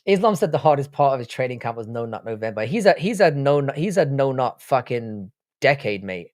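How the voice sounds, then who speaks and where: Reading viewer comments on his livestream, an Irish man with a British accent chats bluntly and swears freely. His mid-range voice is brisk and a little mellow with big pitch swings, recorded dry in clean studio sound.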